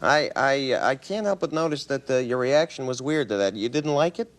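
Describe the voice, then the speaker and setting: A man playing a pompous film director in a comedy sketch, bossing the set around and bursting into shouting rants. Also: mid-range voice, expressive, moderate pace. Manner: bossy, theatrical, erupts into shouting. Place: TV studio with audience. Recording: noisy broadcast tape.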